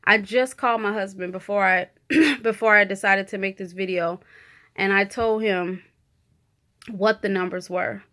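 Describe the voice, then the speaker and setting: A woman vlogger speaks at a measured pace in a steady, medium-pitched voice that sounds pushed and bright. Her personal video update is candid and emotional, chatty speech loaded with "you know" and "like" as she openly sorts through her feelings.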